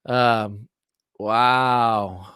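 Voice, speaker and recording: A middle-aged man hosting a casual livestream chat, excitable and rambling as he reminisces. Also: medium pitch, extremely slow, clean tone, no echo, clean studio sound. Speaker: livestream host. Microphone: streaming setup, close mic.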